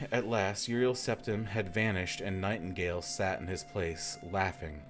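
A man's voice: deep voice, fairly even intonation, normal speed, few pauses, faint music behind. A man hosting a podcast, reading a book aloud and breaking off for dry, wry asides. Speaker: reader and podcast host.

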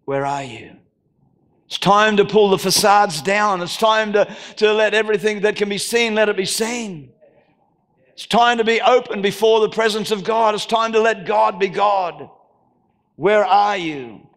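With a high pitch, steady tone and normal speed, an Australian man preaches a sermon as pastor in a church hall. He calls out to the congregation and builds into shouted declarations.

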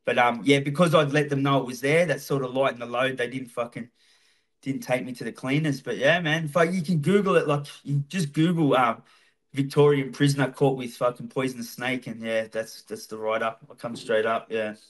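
A man's voice: medium pitch, fairly even intonation, fairly quick. An Australian man telling stories casually as a podcast guest, swearing freely. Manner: swears freely, laid-back. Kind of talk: casual storytelling.

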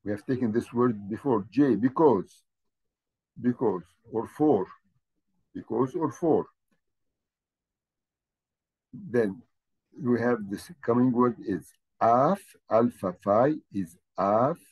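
Slow, husky-voiced man teaching. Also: medium pitch, expressive, a little mellow. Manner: patient, repeats words letter by letter. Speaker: language teacher. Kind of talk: slow spelled-out language lesson.

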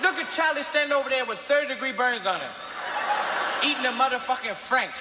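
A man playing a drunk, angry father who rants and shouts with profanity. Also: very high-pitched, brisk, pitched above the performer's own voice. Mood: exasperated. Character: drunk angry father, claiming his house. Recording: echoey noisy hall recording.

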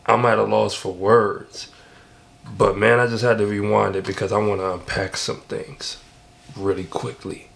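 A man giving excited, emphatic casual commentary while reacting to a song. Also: fairly low pitch, normal speed, vocal fry. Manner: excited, emphatic, repeats himself. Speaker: music reaction vlogger.

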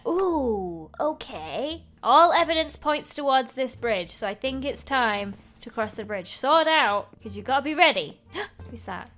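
Bubbly high-voiced girl in her 20s playing a game, bright and chirpy, faint music under. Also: lively intonation, a little slow. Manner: bubbly, playful. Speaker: gaming video host. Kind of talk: gameplay commentary.

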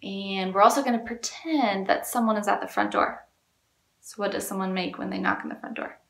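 A woman children's librarian leading a storytime, talking to young children in an animated, sing-song way. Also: mid-range voice, fairly quick, creaky, heavy background noise. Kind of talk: children's storytime reading and singing. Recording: echoey room.

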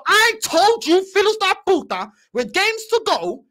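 A woman's voice: very high-pitched, very animated, a little slow, few pauses, a bit bright. A young woman, hosting a football fan channel and ranting angrily, mocking and repeating herself. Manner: heated, mocking, repetitive ranting. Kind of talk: angry fan reaction rant.

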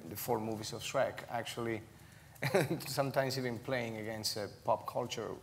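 A man's voice: medium pitch, steady tone, normal speed, in a large hall, slight background noise. Reflective man with English. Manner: reflective, laughs while telling stories. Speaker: cast member interviewee. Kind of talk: conversational interview.

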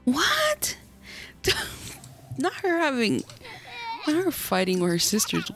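A woman's voice: on the high side, big pitch swings, normal speed, faint music behind. A young woman casually commenting on her gameplay, chatting to the characters on screen and often dropping into whispered asides. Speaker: gaming channel host.

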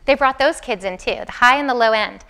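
A woman's voice: a little high, a little fast, clean tone. A woman lecturer talking to a class in a conversational way, asking the students questions directly. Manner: acts out soothing and excited voices. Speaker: university lecturer. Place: lecture room.

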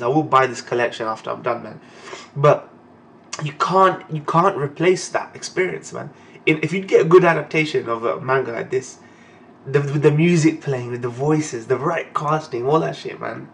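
A man's voice: on the high side, creaky. A young man giving a live reaction to reading manga, talking emotionally and swearing freely, ending phrases with "man". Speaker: anime and manga reaction host.

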